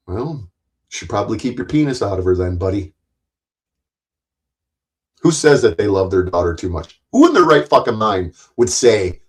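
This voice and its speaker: Low-voiced man ranting with heavy profanity. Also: sing-song, moderate pace, pauses often. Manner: angry, sarcastic, swears constantly; mocking, repeats points for emphasis. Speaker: livestream host. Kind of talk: profane livestream rant.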